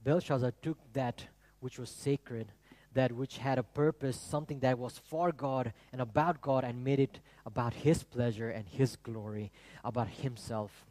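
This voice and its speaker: Male pastor, mid pitch, lively sermon delivery, dry close recording. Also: measured pace, no echo. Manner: animated, rhetorical, asks the congregation questions. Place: church.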